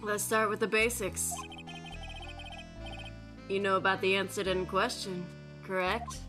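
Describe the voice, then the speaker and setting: A woman voicing a cool, smug male prosecutor in a lowered, measured voice. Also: steady tone, music in the background, close to an everyday voice.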